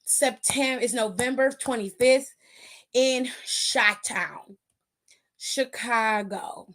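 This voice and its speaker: A woman's voice: on the high side, slow, a bit bright. A young woman hosting a casual wrestling aftershow stream, sassy and chatty, talking back to her chat and calling viewers pet names.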